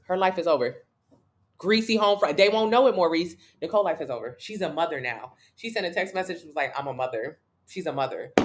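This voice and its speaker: Hosting a laid-back livestream from her couch, a Miami, Florida woman answers viewer comments in a blunt, profane way. Her voice sits fairly low, with slight background noise behind it.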